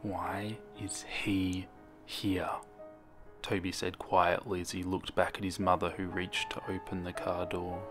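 A man reading a horror story as scripted narration, steady and measured. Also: low-pitched. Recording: narration over loud music.

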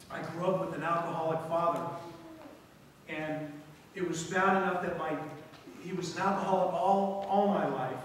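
In a long, echoey church sanctuary, a high-voiced guest preacher is picked up by a distant mic, with a faint hum in the room. His sermon alternates between scripture readings and dramatic commentary on them.

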